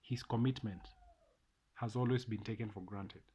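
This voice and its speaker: Husky Kenyan man ranting. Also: on the low side, fairly even intonation, moderate pace, warm tone. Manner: ranting, emphatic, repeats phrases. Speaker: vlogger. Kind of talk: opinion monologue to camera.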